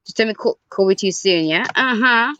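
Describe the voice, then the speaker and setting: A woman's voice: medium pitch, normal speed, a bit bright, dull audio. Chatty woman narrating a life sim. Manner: chatty, talks to the game characters, frequent sighs and groans. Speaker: gaming YouTuber. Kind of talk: casual let's-play commentary. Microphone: desk microphone.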